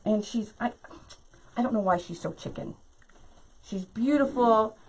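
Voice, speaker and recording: A woman's voice: fairly high pitch, unhurried, poor audio. Chatty woman hosting a craft tutorial. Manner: chatty, laughs often, talks to viewers directly.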